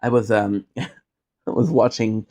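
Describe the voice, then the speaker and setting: Man, streamer, casual rambling chat, jokey tangents, warm mellow tone. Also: fairly low pitch, slow. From Quebec, Canada.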